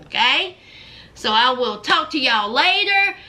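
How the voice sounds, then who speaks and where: A woman's voice: high-pitched, expressive, a little slow, bright, forceful tone. A woman hosting her own channel, recapping a reality show in casual commentary, talking straight to her viewers and drawing out her exclamations. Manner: dramatic, exclaiming and drawing out words.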